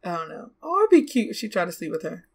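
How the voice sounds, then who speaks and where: A young woman giving casual let's play commentary, chatty and exclamatory, bossing her game characters around out loud and gasping and laughing easily. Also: fairly low pitch, big pitch swings, vocal fry, slightly rough. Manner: chatty, scolds and coaxes the game characters aloud; exclamatory, quick to gasp and laugh. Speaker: gaming YouTuber.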